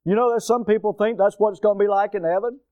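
A man preaching a sermon as pastor in a church, emphatic, asking the congregation rhetorical questions and swinging between loud bursts and quiet asides. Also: high-pitched, steady tone, quick pace, dry recording. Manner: emphatic preaching with rhetorical questions and sudden rises and drops in loudness.

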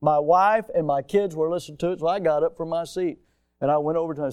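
Middle-aged male preacher, higher voice, dry close sound, sermon delivery that swings from hushed to shouting. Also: fairly even intonation, quick pace, clear, resonant tone, no room sound. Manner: conversational preaching, swings from hushed asides to loud shouted outbursts. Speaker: pastor.

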